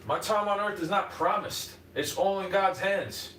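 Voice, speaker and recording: A man's voice: high voice, measured pace, a bit bright, slight background noise. A man ranting on a livestream, sarcastic and profane, mocking the people he argues with. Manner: mocking, mimics opponents. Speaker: livestream host. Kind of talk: unscripted rant. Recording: echoey room, far from mic, faint background ambience.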